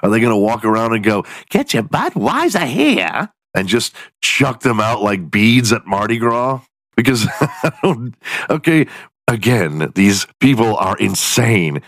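Low-ish dude swearing his way through a sarcastic podcast rant, dry close sound. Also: unhurried, no echo. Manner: profane, animated, sarcastic. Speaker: podcast host. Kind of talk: casual comedic rant.

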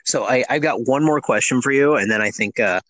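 A man's voice: medium pitch, a little fast, a bit bright. A man co-hosting a podcast, telling stories casually with plenty of fillers. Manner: conversational, storytelling, many fillers. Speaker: podcast co-host. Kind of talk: casual interview chat.

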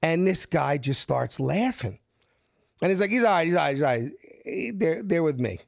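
Older philly guy spinning a yarn, acts out all the lines, kinda high voice, dry sound. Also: normal speed, vocal fry, no room sound. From South Philadelphia. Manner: animated, acts out quoted dialogue in voices. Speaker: guest. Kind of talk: casual storytelling.

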